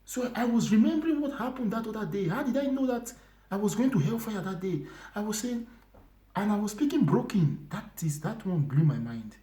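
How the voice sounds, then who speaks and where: A man tells his testimony in a mellow, warm voice. He pushes some phrases out loud, drops others to a breathy whisper and circles back over his own words. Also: high-pitched, lively intonation, brisk. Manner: emotional, swinging from loud emphasis to hushed whispers; repetitive, restarting phrases. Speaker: church brother giving testimony. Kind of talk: personal testimony.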